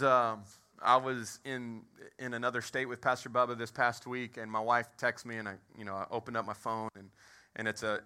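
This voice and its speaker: A man's voice: medium pitch, sharp tone, clear, resonant tone. A man in his thirties, a pastor, preaching and telling a funny story, asking the crowd questions. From Texas. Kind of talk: sermon with humorous story. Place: movie theater used as a church.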